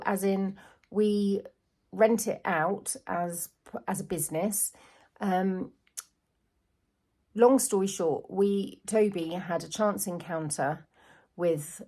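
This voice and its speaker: A woman's voice: on the low side, darkish tone. A middle-aged woman telling a rambling story to camera in a casual vlog, laughing often. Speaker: vlogger.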